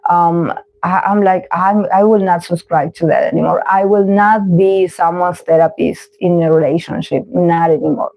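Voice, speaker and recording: A woman's voice: fairly low pitch, steady tone, normal speed, creaky, darkish tone, no room sound, low-quality recording. A woman hosting a tarot livestream, talking frankly and reflectively while she searches for her words. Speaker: tarot reader host. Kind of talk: casual livestream monologue.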